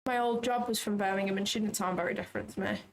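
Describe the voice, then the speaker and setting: Speaking at a medium pitch over a faint hiss or hum, this Manchester-accented woman runs a trading livestream. Her manner is casual and playful, full of chatter, teasing and easy laughter.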